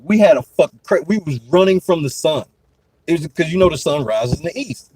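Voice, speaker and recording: A young man and podcast host telling stories in a casual chat, profane and animated, often breaking into laughter. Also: fairly high pitch, husky, no echo, poor audio.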